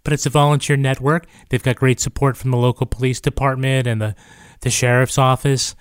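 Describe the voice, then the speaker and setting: A man co-hosting a true crime podcast, speaking haltingly with many pauses and fillers. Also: medium pitch, level tone, clear, resonant tone, no room sound, studio quality. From New Hampshire. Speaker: podcast co-host. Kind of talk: casual podcast chat.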